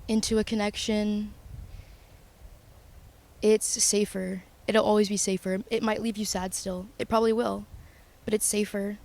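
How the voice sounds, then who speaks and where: Young woman, confessional vlog, flat pitch, halting pauses, earnest and emotional. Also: a little hiss or hum. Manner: reflective, halting, with long pauses and restarts. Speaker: vlogger.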